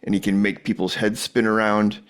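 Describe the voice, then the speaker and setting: Low voiced guy guesting on a podcast, easygoing storyteller, chuckles a lot. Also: flat delivery, fairly quick, clear, resonant tone. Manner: laid-back storyteller, chuckling. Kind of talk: casual chat.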